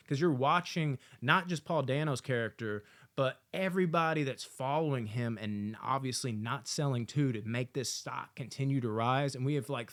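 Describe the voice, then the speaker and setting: A man giving a casual, excited movie review, swearing often and acting out lines from the film. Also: mid-range voice. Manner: excited, profane, acts out quotes.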